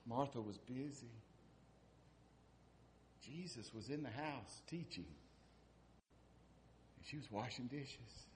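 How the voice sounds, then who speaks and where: A man's voice: mid-range voice, slow, pauses often, slight background noise. A man preaching a sermon, asking repeated rhetorical questions and building to emphatic peaks.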